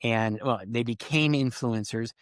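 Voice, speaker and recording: A middle-aged man telling business stories in a casual interview, acting out quoted lines with lively swings. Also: medium pitch, a little slow, no echo. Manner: animated storyteller, acts out quoted lines. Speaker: podcast guest.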